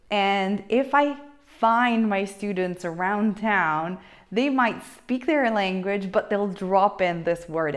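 A woman, a teacher giving a playful, expressive online language lesson with wide swings in intonation. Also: medium pitch. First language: Italian. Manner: expressive, playful, shifts intonation widely for examples.

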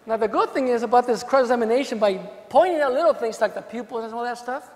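A man's voice: very high-pitched, fast talker, long reverb tail. A man, a DUI defense lawyer, giving a conference talk full of jokes and acted-out courtroom anecdotes. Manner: joking, acts out dialogue with cops and jurors. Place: hotel conference hall.

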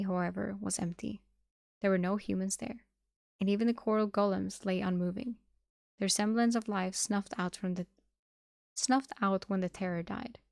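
A woman streamer reads a novel aloud at a steady pace, stumbling and restarting now and then. Her voice has a gravelly fry. The sound is dry and close, with no room in it. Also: medium pitch, dry recording. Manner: steady reading with small restarts. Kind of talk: live-streamed audiobook reading.

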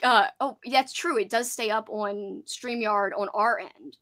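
A woman's voice: medium pitch, unhurried, fairly bright tone. A young woman hosting a casual live-stream book club chat, chatty and giggly as she reads out viewer comments. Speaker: host of a horror book channel.

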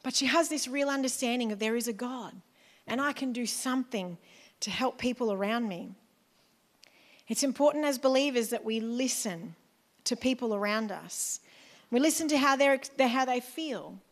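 A woman's voice: a little high, moderate pace. A woman pastor with an Australian accent giving a chatty, conversational sermon in church, with asides to the congregation.

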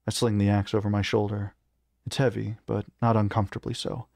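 Man, lowish voice, dry close sound, first-person fiction reading, measured. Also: little pitch movement, a little mellow, no room sound. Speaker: reader.

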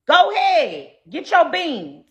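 A woman livestreamer ranting at her live chat, brash, loud, profane and combative. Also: very high-pitched, wildly swooping pitch, slow pace, dull audio.

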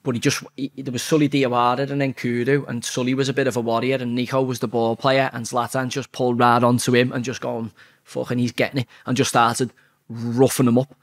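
A foul-mouthed man in his forties spins a football yarn as a guest. He talks bluntly and animatedly, swearing freely. His pitch sits in an ordinary middle range. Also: fairly quick. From England. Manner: blunt, heavily profane, animated anecdote-telling. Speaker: podcast guest, former footballer. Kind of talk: casual storytelling.

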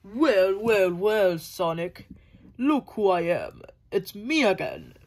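A woman's voice: mid-range voice, sing-song, slow, a little mellow. A woman voicing Eggman, a boastful villain. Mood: taunting. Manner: taunting, blustery. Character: boastful villainous male mad scientist. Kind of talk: toy-figure play narration.

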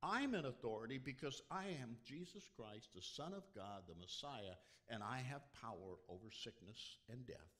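A male preacher voicing Jesus as a calm, commanding man who declares his authority in a sermon. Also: mid-range voice, moderate pace, hardly any pauses, pitched above the performer's own voice, lightly acted. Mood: declaring.

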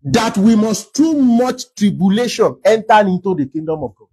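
A Nigerian man delivers a sermon in a high, somewhat husky voice. He preaches with emphasis and drives his points home with rhetorical questions. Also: animated, normal speed, dark tone, rough recording. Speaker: pastor.

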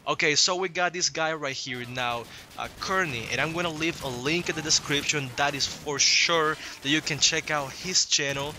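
A man's voice: a little high, normal speed, hardly any pauses, background noise. A young man with an accent hosting a gaming video, hyped and slangy, swearing freely as he chats with a guest. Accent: non-native English accent. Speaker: gaming channel host. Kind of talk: casual gameplay commentary.

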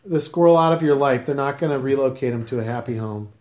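A man's voice: mid-range voice, quick pace, a little mellow, reverberant. A man hosting a casual podcast, questioning his guest in a teasing, mock-serious way. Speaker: podcast host.

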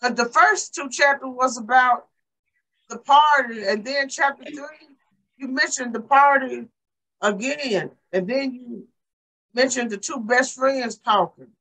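Casual participant, bright tone, sounding away from the mic in a roomy space. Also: sits high, a little slow, far from the mic. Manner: casual, loose grammar with fillers. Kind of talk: casual group chat.

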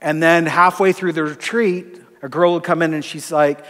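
A man, a pastor, teaching in a conversational sermon style, acting out dialogue from his stories and often dropping to a soft voice. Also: a little high, fairly even intonation, moderate pace, few pauses, long reverb tail. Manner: conversational, acts out dialogue, drops to soft tones. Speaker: pastor and lecturer.

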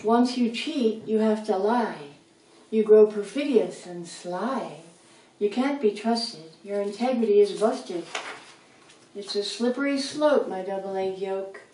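A woman voicing a motherly hen who gives soft, rhyming advice full of pet names, recorded in an echoey room from a distance. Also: mid-range voice, slow, slight background noise, lightly acted. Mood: tender, wise. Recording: roomy echo, voice from a distance.

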